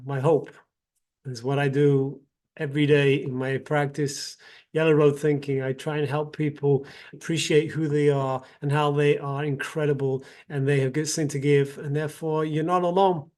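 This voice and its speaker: A man's voice: a little high, flat delivery, measured pace, darkish tone. A man giving an earnest motivational talk as a self-development practitioner, telling a parable with frequent restarts and repeated words.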